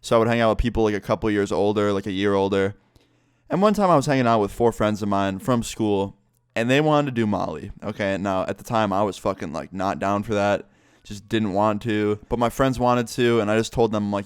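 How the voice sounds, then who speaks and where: A man's voice: on the low side, a little fast, clear, resonant tone, no room sound, clean studio sound. A young man telling a rambling, swear-filled story for his vlog. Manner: rambling, profanity-laced storytelling full of fillers. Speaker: YouTuber. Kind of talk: casual story time vlog.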